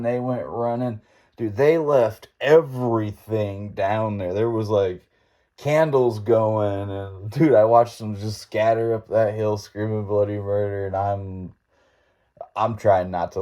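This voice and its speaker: A man's voice: on the low side, dark tone. A man hosting a podcast, telling a story in a rambling, laid-back way with folksy grammar and frequent chuckles. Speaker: podcast host. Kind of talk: casual storytelling monologue.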